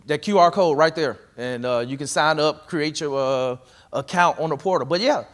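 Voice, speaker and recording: A man giving a live workshop talk on real estate investing to a room, energetic and conversational, coaching the audience directly. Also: a little high, moderate pace.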